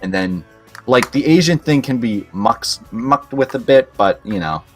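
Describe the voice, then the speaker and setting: A man's voice: mid-range voice, animated, a little slow, soft background music. A young Canadian man with a Boston-like East Coast tinge, chatting crudely and rambling with frequent laughs on a livestream. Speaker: livestream co-host. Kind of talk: casual chat.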